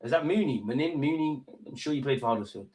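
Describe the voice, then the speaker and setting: A young man hosts a live football watch-along, at an ordinary pitch for a man. His talk is loose and full of slang, and it jumps into excited bursts. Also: fast talker, slightly rough.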